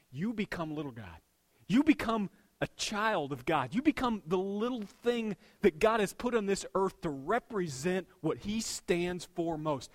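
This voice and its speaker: A pastor with a somewhat higher male voice delivers a sermon in a loose, conversational way. He jokes with the congregation, then lands key words in a soft, hushed tone before pushing his volume back up. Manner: swings between punchy loud lines and hushed intimate ones.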